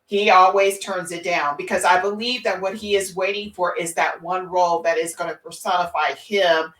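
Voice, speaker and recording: A woman's voice: fairly low pitch, steady tone, moderate pace, fairly bright tone. A woman making insistent points as a panelist in a casual podcast chat, often repeating herself. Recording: echoey room, far from the mic.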